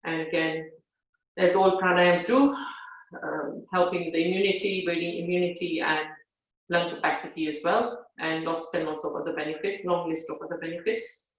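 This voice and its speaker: A woman teaching a yoga breathing class, guiding gently with frequent "yeah?" check-ins and fillers. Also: lowish voice, steady tone, normal speed. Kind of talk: live guided yoga class. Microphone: device set back from the speaker. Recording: very echoey room, far from mic.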